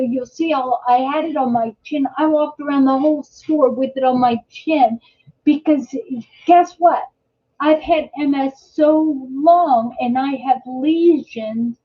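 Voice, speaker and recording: A high-voiced woman talks slowly and chattily on her live stream, wandering through a story with plenty of "uh"s and restarts and stopping to greet viewers. The sound is dull and lo-fi. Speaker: host of a live chat show. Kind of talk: casual live-stream chat.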